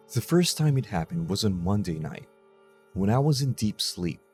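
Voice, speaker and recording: Low-voiced man narrating horror. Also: a little mellow.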